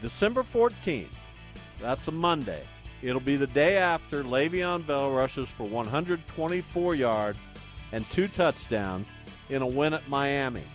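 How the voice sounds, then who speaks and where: Animated, needling sports radio host man. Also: medium pitch, measured pace, faint music behind. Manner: needling, playful, jokey. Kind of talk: casual sports talk banter.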